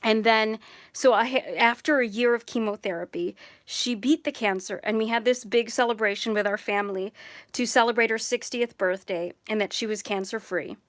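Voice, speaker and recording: A young woman vlogger with a slightly high voice talks to her viewers in a chatty, rambling way. She goes off on side stories and fixes her wording as she talks. The sound is dry and close, with no room echo. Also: moderate pace. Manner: chatty, digressive, self-correcting. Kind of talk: personal vlog talk.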